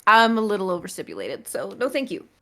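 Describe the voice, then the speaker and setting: A woman's voice: medium pitch, wildly swooping pitch, fast talker, fairly bright tone. A woman playing in a tabletop game, earnestly explaining her character's reasons. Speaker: player. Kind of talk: casual tabletop play.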